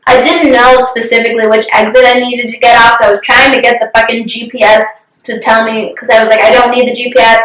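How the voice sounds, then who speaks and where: A woman's voice: fairly high pitch, flat delivery, fast talker, hardly any pauses, fairly bright tone, echoey room, far from the mic, poor audio. A young woman co-hosting a podcast, chatting candidly, swearing freely and acting out what others said. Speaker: podcast co-host. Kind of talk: casual chat.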